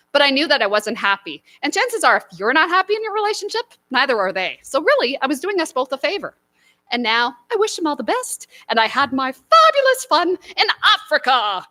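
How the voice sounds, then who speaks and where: A woman's voice: high voice, bright, forceful tone. A woman performing a stand-up story on a small live stage, acting out her own inner voices. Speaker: stand-up comedian.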